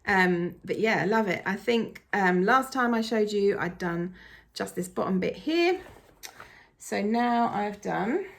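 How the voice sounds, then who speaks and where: A woman, a cross-stitch vlogger gushing enthusiastically through a casual show-and-tell. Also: mid-range voice.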